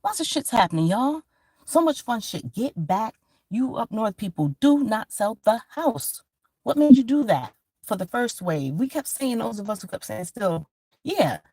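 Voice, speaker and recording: A woman, from Georgia, holds forth in a loose, profane vlog monologue. Her pitch jumps around in a lively way as she rambles from point to point. The sound is close and dry, with no room echo. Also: normal speed, husky. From Georgia, USA. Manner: animated, profane, rambling storytelling. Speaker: vlogger. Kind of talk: casual monologue to camera.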